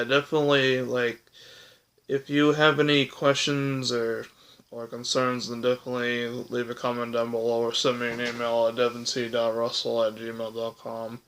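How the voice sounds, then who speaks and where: A man's voice: mid-range voice, vocal fry, fairly bright tone, rough recording. A young man talking earnestly to camera in a personal vlog, hesitant and full of fillers. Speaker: vlogger.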